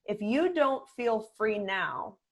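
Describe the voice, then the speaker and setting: A middle-aged woman speaking as a podcast guest, a communication coach who talks in a calm, measured way and often drops to a quiet voice. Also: a little high. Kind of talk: conversational podcast interview.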